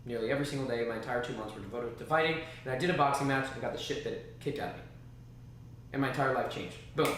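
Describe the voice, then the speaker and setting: A man streaming casually to his chat, rambling and animated, dropping spoken sound effects like "boom" between thoughts. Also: fast talker. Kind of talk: casual livestream talk. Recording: very echoey room, faint noise.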